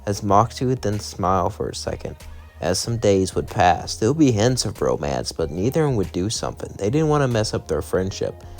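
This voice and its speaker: A man's voice: on the low side, sing-song, moderate pace, a little mellow, soft background music. A man casually narrating a fan story in a rambling, hesitant way. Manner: rambling, hesitant with "well" and "as then".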